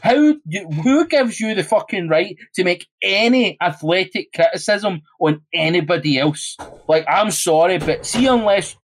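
A man's voice: sits high, normal speed, hardly any pauses, poor audio. A young Scottish man on a casual podcast, ranting heatedly and swearing constantly. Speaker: podcast co-host.

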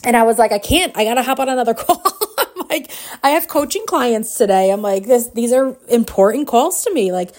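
A woman in her forties hosts a podcast, recounting a personal story in a casual, animated manner with frequent laughs and fillers. Her voice is a little high and fairly quick.

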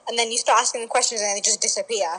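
A young woman co-hosting a podcast over a phone call, chatty and quick to laugh. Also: a little high, steady tone, fairly bright tone, a little hiss or hum. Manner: chatty, laughing, eager interjections. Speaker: podcast co-host. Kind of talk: casual chat.

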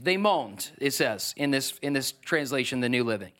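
A man's voice: a little high, animated, fairly quick, hardly any pauses, a bit bright. A man pastor preaching a sermon in a church, passionate and driving, firing rhetorical questions with casual joking asides. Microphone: microphone.

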